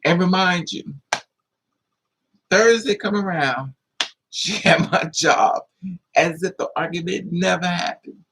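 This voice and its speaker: A man's voice: high voice, takes it slowly, creaky, long pauses, fairly bright tone, a little hiss or hum, rough recording. A man hosting a livestream tells a personal story to his viewers, casual, blunt and profane, with a lot of feeling in it. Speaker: livestream host.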